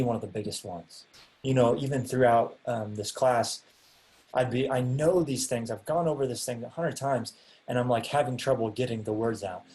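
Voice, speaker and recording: A man's voice: mid-range voice, darkish tone. Hesitant young man teaching a class. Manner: hesitant, many ums and restarts. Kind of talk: casual online class teaching. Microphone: video call.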